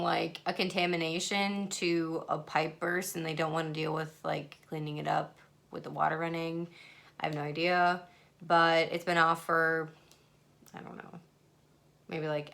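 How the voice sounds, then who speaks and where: A woman's voice: on the low side, creaky, fairly bright tone. A young woman talks straight to her camera at home in a loose, chatty vlog. She swears freely, rambles through her thoughts and sometimes drops to a whisper. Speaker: book vlogger. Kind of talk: casual reading vlog. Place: at home, in bed and in a messy room.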